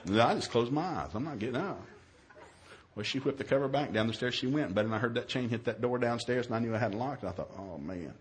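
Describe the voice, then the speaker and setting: A man who is a minister, telling a humorous story in a sermon, acting out his own yelled lines in a raised voice. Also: quick pace. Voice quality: animated, shifts to high yelling quotes.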